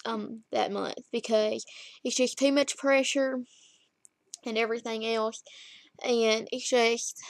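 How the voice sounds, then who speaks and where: A woman's voice: on the high side, no echo. A woman, chatting and rambling through a story as she vlogs from home on her laptop camera. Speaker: vlogger. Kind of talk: casual chat to camera. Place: at home, lying down. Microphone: laptop webcam.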